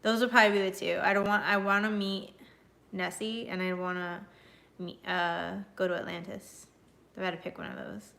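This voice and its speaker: A woman's voice: fairly low pitch, moderate pace, vocal fry, a bit bright. A young woman streaming from home, chatting loosely with viewers, laughing often and swearing casually. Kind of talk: casual live-stream chat. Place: her home.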